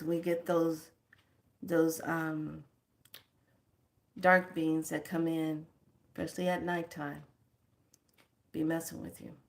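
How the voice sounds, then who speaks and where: Slow, emphatic woman with a lowish voice, teaching to camera in a colloquial way. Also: fairly bright tone. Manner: slow, emphatic, colloquial; chants words drawn out. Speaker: spiritual teacher.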